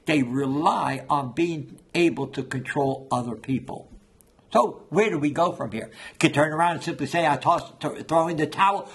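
Husky-voiced man preaching a sermon. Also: on the high side. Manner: storytelling preacher, acts out quoted voices. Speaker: pastor.

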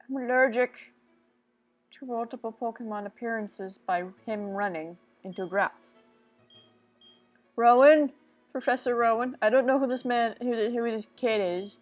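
A woman's voice: medium pitch, lo-fi sound. Rambling woman doing game commentary. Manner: rambling, silly, talks to herself with sudden outbursts. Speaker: let's play host.

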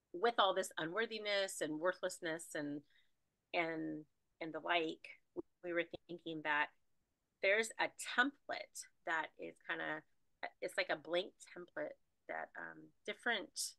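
A woman energy healer talking casually and animatedly, rambling with fillers as she guides a spiritual clearing. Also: lowish voice, animated, unhurried, pushed and bright, dry recording, rough recording. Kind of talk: casual spiritual healing talk.

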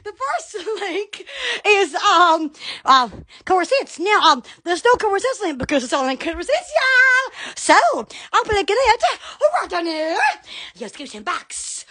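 A woman hosting a rambling live stream, giddy and laughing constantly, breaking into sudden shouts and squeals. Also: very high-pitched, sing-song, a little slow.

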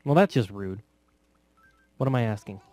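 A man casually commenting on a video game, joking sarcastically with bursts of loud laughter. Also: lowish voice, expressive, moderate pace, no room sound. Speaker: gameplay commentator. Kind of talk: casual let's play commentary.

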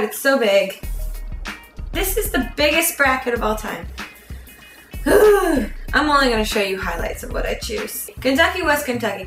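A woman vlogger from near Philadelphia in the United States chats in a casual, jokey vlog with playful, sarcastic asides. Her voice is a little high and fairly bright, and the recording is reverberant.

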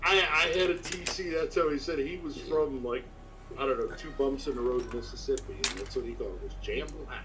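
A man telling profane stories with animated energy in casual livestream chat. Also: medium pitch, a little fast, recorded from a distance, a crowd in the background, poor audio.

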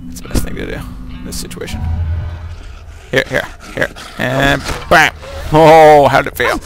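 A man's voice: medium pitch, very animated, fairly quick, creaky, noisy background. A man doing let's play commentary, goofy and joking, talking back to the enemies on screen. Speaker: gameplay commentator.

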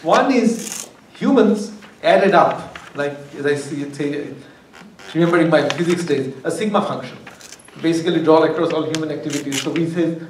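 A man delivers a university lecture in a slightly high voice, thinking aloud and circling back to restart phrases, with wry humor. He sounds set back from the microphone in a reverberant hall. A faint room ambience hangs behind him. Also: a little hiss or hum. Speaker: guest lecturer. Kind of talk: academic lecture. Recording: echoey hall, far from mic, faint ambience.

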